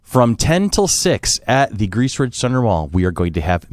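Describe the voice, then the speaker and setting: A man's voice: medium pitch, sing-song, moderate pace. Upbeat man hosting a podcast. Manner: upbeat announcer-style event rundown. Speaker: podcast host. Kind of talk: casual podcast chat.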